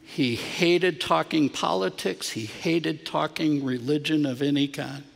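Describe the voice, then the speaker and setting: A middle-aged man preaching a sermon, telling a personal story earnestly and swinging from hushed moments to emphatic ones. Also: on the high side, unhurried, creaky, big-room sound. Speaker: pastor. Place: church sanctuary.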